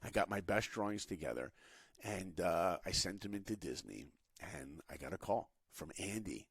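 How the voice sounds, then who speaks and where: Sex: man. Role: podcast guest. Style: motivational storytelling. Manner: animated and expressive. Pitch: fairly low. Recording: dry studio mic. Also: moderate pace, husky, dry recording. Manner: animated, acts out quotes.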